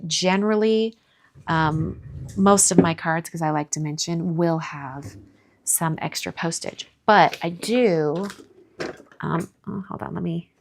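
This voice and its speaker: A woman's voice: lowish voice, gravelly, slight background noise. A middle-aged woman from the American South hosting a card-making live stream in casual chat, reading viewer comments aloud and answering them.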